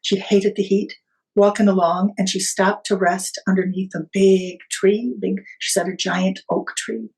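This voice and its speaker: A woman guest on a podcast, telling a family story in an unhurried, vivid way. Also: medium pitch, level tone, darkish tone, rough recording.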